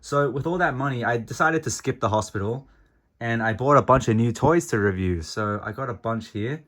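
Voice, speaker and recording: Deadpan man reviewing toys. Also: mid-range voice, normal speed. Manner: deadpan absurd storytelling, swearing. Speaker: toy reviewer. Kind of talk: comedic toy review.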